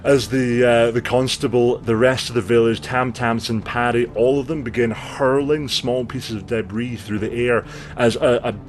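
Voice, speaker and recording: A man running a tabletop game as game master, narrating the action in a vivid, relaxed way with many fillers. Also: mid-range voice, moderate pace, a little hiss or hum.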